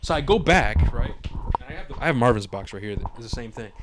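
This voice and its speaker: Young male podcast co-host, mid-pitched, casual and profane storyteller who acts out every quote. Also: fast talker, noisy background. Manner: animated, swears a lot, acts out his own quotes.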